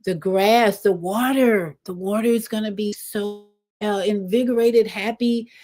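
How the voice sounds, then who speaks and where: An older woman hosting a casual spiritual livestream, rambling with animated asides. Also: medium pitch, unhurried. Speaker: livestream host.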